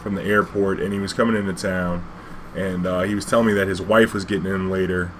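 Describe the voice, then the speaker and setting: A man's voice: sits low, flat delivery, fast talker, background noise. A man, a cab driver telling a casual, rambling anecdote full of fillers and swearing.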